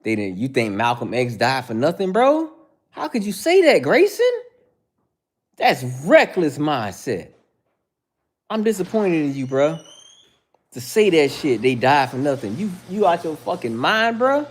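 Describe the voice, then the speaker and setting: A man's voice: a little high, huge pitch swings, measured pace, pauses often. A man hosting a livestream who answers viewers by name in casual, heated talk, calling everyone "bro.". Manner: heated, preachy, says "bro" constantly; addresses chatters by name. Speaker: livestream host.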